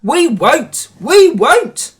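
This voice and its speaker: A man voicing a group of spiteful railway trucks who jeer in a shrill way. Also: huge pitch swings, slow, sharp tone, exaggerated voice. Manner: shrill and jeering.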